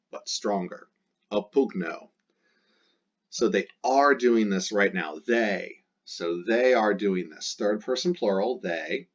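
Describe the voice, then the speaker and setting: A man with a fairly low voice teaches a recorded Latin lesson, relaxed and a little jokey. He slows down and stretches out each Latin word as he goes through the exercises. The recording sounds dull and lo-fi. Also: husky. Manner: casual and jokey, drawls out Latin words slowly.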